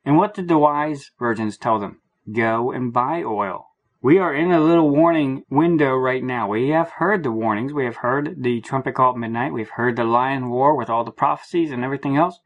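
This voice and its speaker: A man giving an earnest Bible teaching, slow and emphatic, repeating his phrases for weight. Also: on the high side. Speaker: preacher.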